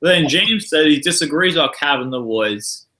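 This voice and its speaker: A man's voice: a little high, lively intonation, moderate pace, bright, forceful tone, poor audio. A man co-hosting a casual podcast, laid-back and blunt with short replies. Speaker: podcast co-host.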